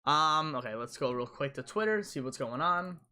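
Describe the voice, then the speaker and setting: Young man, live stream host, casual rambling chat, bright tone. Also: fairly high pitch, lively intonation, normal speed, clear, resonant tone. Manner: rambling, repeats himself, reads chat aloud.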